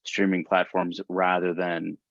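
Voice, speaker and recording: A young man in a band, talking in a relaxed, rambling way in a casual interview. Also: sits low, measured pace, gravelly, no room sound. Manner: relaxed, full of fillers. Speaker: band member. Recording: dry, dull lo-fi.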